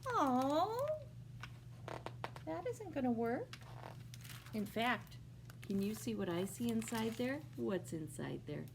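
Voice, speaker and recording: A woman librarian reading a picture book aloud at a preschool storytime, pausing to ask the young listeners questions. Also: on the high side, big pitch swings, creaky, noisy background. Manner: slow, sing-song, asks young listeners questions. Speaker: children's librarian.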